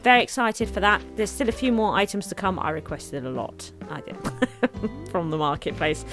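A woman giving chatty, excitable commentary on her game, thanking viewers as she opens gifts. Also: medium pitch, fairly quick. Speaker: gaming YouTuber. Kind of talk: casual gameplay commentary. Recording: faint background game music.

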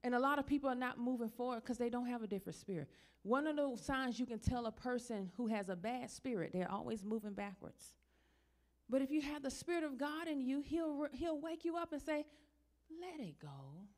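A middle-aged woman minister preaching a sermon in a church, talking plainly to the congregation and then building to loud, high, emphatic passages. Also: brisk.

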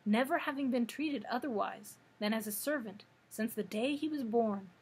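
A woman librarian reading a children's story aloud with steady storytelling narration. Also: a little high, slightly rough, poor audio.

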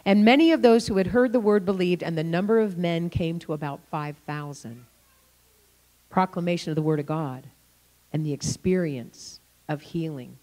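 Animated older woman preaching a story sermon. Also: fairly low pitch. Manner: animated, acts out the people in her stories. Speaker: guest preacher. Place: church.

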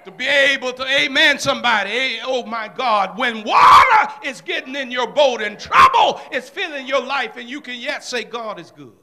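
A man preaching a fervent sermon in a church service, swinging from shouted lines down to hushed ones and calling out "come on" and "amen" between phrases. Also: very high voice, animated, moderate pace, hardly any pauses.

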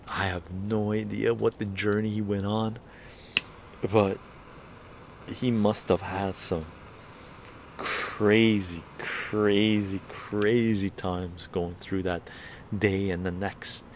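With a fairly low, vocal-fried voice, a male livestream host relates a story in a relaxed way, swearing and laughing throughout. A little hiss or hum can be heard.

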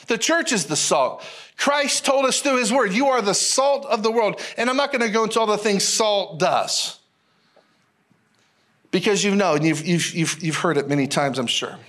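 A male pastor preaching a sermon in an animated, folksy way, repeating phrases and calling out to the congregation. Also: sits high, normal speed. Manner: animated, repetitive, folksy preaching with audience call-outs.

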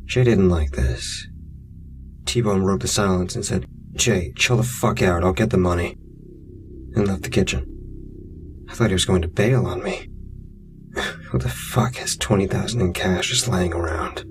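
A man's voice: low voice, normal speed, long pauses. A man narrating a true scary story in the first person, blunt, profane and wry. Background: music.

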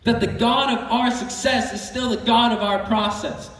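A man's voice: very high-pitched, steady tone, normal speed. A man preaching a sermon in an earnest way, often repeating words and asking the congregation questions. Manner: earnest, repeats himself, asks the crowd questions. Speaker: youth preacher. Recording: echoey hall from far off with music.

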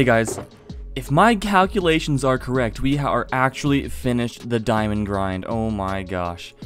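A man giving casual let's-play commentary, excitable and chatty, talking to viewers while he plays. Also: medium pitch, unhurried, faint music behind. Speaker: gaming video host.

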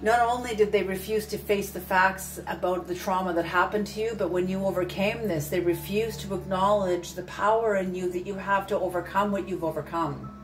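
Here a tarot reader gives an intuitive reading in a mid-range voice, at normal speed with few pauses and fairly even intonation. She is earnest and emphatic, repeating points and swearing occasionally. A distant mic picks up room sound, soft music and a little hiss or hum.

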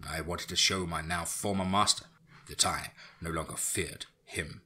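A man narrating a first-person fantasy story for a podcast in a steady, unhurried reading. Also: low-pitched, slight background noise.

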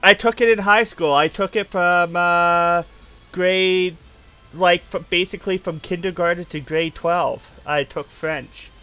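A man's voice: high-pitched, steady tone, unhurried, pushed and bright, clean tone, soft background music. A man streaming a game from home, rambling and musing aloud in casual chat.

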